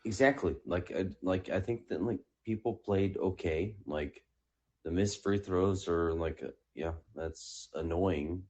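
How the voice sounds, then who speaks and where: A man's voice: low-pitched, a little slow, a little mellow, highs cut off. A man calling in to a podcast, rambling casually with many fillers. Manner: rambling, full of "like" and "you know". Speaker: caller. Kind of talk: casual call-in chat.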